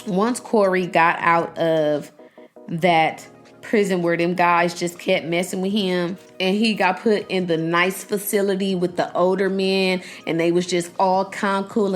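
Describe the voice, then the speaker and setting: A young woman hosting a podcast in casual chat. She talks in an animated, profane way, laughs often and acts out the people she quotes. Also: lowish voice. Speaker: podcast host.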